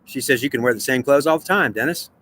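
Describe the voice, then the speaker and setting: A mid-range, fairly bright male voice talks fast as a vlogger debates himself on camera. He performs both sides of the earnest, repetitive argument in two voices.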